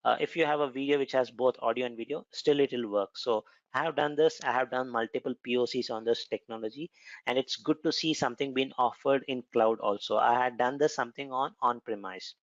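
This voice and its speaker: A man's voice: mid-range voice, brisk, no room sound. Indian male tech trainer, casual explanatory delivery, dry dull lo-fi recording. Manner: conversational, explanatory, frequent "uh" fillers. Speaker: cloud computing instructor. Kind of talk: recorded technical lesson with demo.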